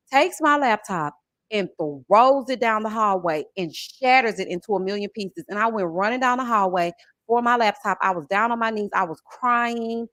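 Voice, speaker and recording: A woman in her forties hosts a livestream, telling an animated, expressive story and giving shout-outs to thank viewers in the chat. Her voice is medium-pitched and the recording is dry.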